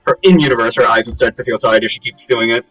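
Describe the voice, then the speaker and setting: A man's voice: mid-range voice, fast talker, a bit bright, rough recording. A man playing in a tabletop game, chatting in a playful, giggly way, with faint music behind. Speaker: player. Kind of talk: casual tabletop game chat.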